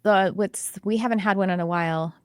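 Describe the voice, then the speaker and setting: A middle-aged woman hosting a casual chat, telling animated stories full of quoted dialogue. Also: medium pitch, a little fast, smooth, dry recording. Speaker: host, intuitive development teacher.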